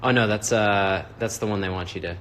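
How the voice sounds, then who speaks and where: A man's voice: lowish voice, fairly even intonation, a little fast, noisy background. A man off camera, casually reading out viewer requests to the host. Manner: laid-back, reads off requests. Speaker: off-camera crew member reading comments. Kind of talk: casual chat.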